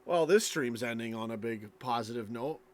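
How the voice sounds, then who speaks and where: A man's voice: mid-range voice, moderate pace. A tired man streaming late at night, reading chat and rambling casually, yawning as he talks. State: sleepy, yawning.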